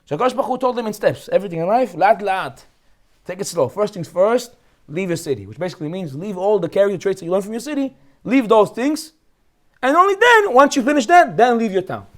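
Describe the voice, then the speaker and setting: A rabbi from Brooklyn with a Brooklyn accent, teaching a lively Torah class, joking and firing off rhetorical questions. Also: male voice, sits high, a little fast. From Brooklyn, United States.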